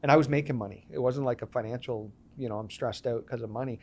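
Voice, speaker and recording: This podcast guest is a business owner in his thirties who talks at a quick pace with a medium-pitched voice. He tells his stories in a relaxed, lively way, voicing the dialogue as he goes.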